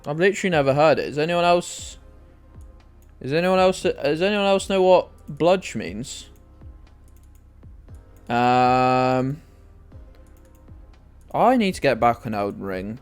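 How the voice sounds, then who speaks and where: A young British man live-streaming a game, rambling and joking with viewers and swearing freely. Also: medium pitch. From United Kingdom. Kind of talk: casual live-stream chat while playing. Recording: faint music in the background.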